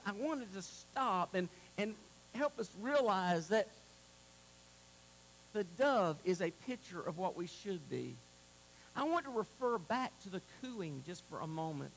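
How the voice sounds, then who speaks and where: High gravelly preacher guy in a church, slow sermon, faint hum behind. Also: rough recording. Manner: preacherly, swings from loud exclamations to hushed altar call. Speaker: pastor. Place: church sanctuary.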